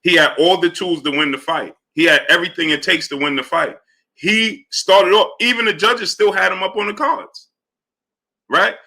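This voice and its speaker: A man hosting a live boxing stream, breaking down fights and greeting chat viewers, animated and repeating "right?" and "you understand?" between points. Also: moderate pace. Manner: low mumbled shout-outs to viewers. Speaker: livestream host. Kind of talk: live boxing commentary and chat shout-outs.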